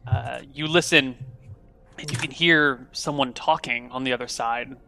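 A man narrating a tabletop game as game master, describing scenes in a halting, descriptive way. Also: medium pitch, fairly even intonation, gravelly, sharp tone, faint music behind.

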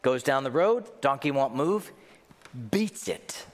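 A man's voice: mid-range voice, animated, takes it slowly, long reverb tail. A man preaching a sermon, asking rhetorical questions and joking with his congregation. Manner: jokes with the congregation. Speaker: pastor.

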